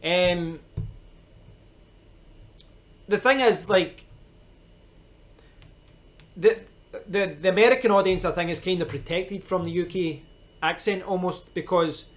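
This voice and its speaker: A man's voice: sits high, slow, long pauses. A man with a Scottish accent chatting casually on a live stream, rambling and answering viewers' comments as he goes.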